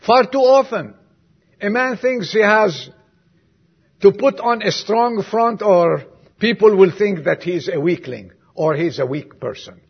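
A man preaching a sermon to his congregation, swinging from emphatic lines to soft, quiet asides and putting questions to the listeners. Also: high-pitched, animated, unhurried, gravelly, husky, muffled recording. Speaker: pastor.

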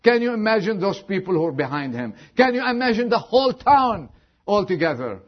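A man preaching a sermon as pastor, moving from loud exhortation to a hushed prayer. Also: sits high, very animated, fairly quick, muffled recording.

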